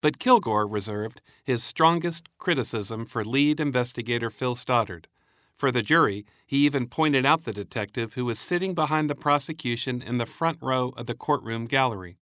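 A man narrates a news report in a steady, measured reporting voice. The sound is dry and close, with no room around it. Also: medium pitch, dry recording. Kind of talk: scripted narration.

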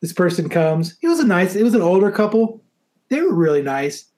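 A married man casually telling a story on a podcast, animated, swearing freely and laughing often. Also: high voice, fairly quick. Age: adult, married.

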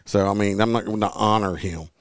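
A man's voice: on the low side, steady tone, brisk, dry recording, studio quality. A man hosting a podcast, reading news aloud and ranting bluntly, with lots of profanity. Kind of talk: casual political talk.

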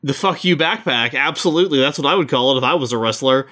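A man co-hosting a podcast who talks quickly in casual chat and laughs often. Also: medium pitch, sharp tone. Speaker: podcast co-host.

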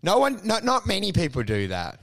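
A man co-hosting a podcast in casual comedic chat, animated and swearing, slipping into put-on voices. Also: sits high, fairly quick, no echo. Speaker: podcast co-host.

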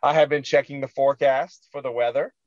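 A man's voice: medium pitch, fairly even intonation, brisk, darkish tone, no room sound, highs cut off. A man co-hosting a sports radio show, earnestly recapping a football loss with frustration and lots of fillers.

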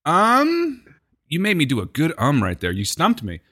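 A man's voice: mid-range voice, sing-song, a little fast, breathy edge. A man co-hosting a podcast in casual chat, joking with a dry, teasing humor. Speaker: podcast co-host.

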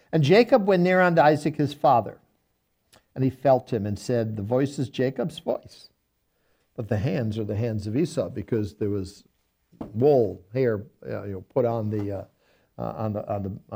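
Mellow-voiced man teaching Bible study. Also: medium pitch, lively intonation, unhurried, gravelly. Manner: reads scripture aloud, then paraphrases it in folksy everyday speech.

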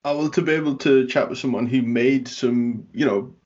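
A man's voice: mid-range voice, normal speed, darkish tone. A man hosting an interview, chatty and enthusiastic, laughing along with his guest. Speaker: interview host. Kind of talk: casual interview chat. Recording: dull lo-fi call audio.

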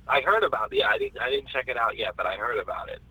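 A man's voice: medium pitch, very animated, fast talker, bright, forceful tone, husky, poor audio. A man in a casual podcast chat, enthusiastic and often repeating words while he searches for what to say.

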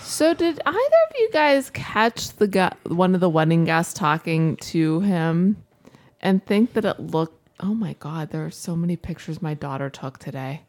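Low-voiced woman on a dry mic. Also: very animated, no room sound. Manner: playful, quick to laugh. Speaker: podcast co-host. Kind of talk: casual movie review chat.

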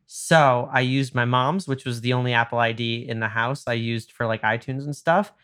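A man's voice: normal speed, smooth. Young man telling a story. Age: 20s. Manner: animated, acts out quoted dialogue with jumps in pitch. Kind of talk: casual storytelling chat.

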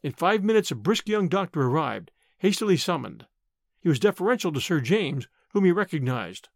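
Expressive male audiobook narrator. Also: a little high, normal speed, no echo, clean studio sound. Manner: expressive, clear storytelling.

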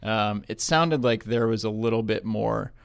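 A man's voice: on the low side, unhurried, creaky, clear, resonant tone, dry recording, studio quality. A man hosting a golf podcast, chatting casually and retelling stories. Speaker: golf podcast host and reporter.

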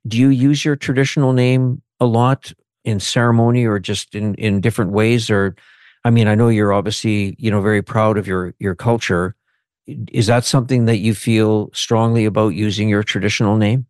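A man's voice: lowish voice, level tone, moderate pace, a little mellow, dry recording, clean studio sound. A man hosting an interview, asking polite, courteous, slightly rambling questions. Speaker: interviewer, host.

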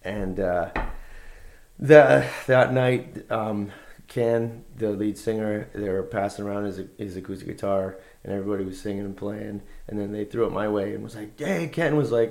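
A man's voice: lowish voice, normal speed, vocal fry. A man, a guest musician, telling anecdotes in a casual conversation, rambling and laid-back with lots of fillers and restarts.

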